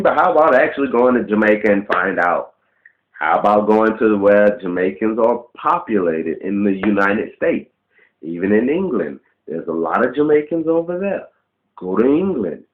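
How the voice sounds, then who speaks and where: A man ranting casually to the camera, blunt and profane, firing off rhetorical questions. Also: fairly low pitch. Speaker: vlogger. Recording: roomy, dull lo-fi webcam audio.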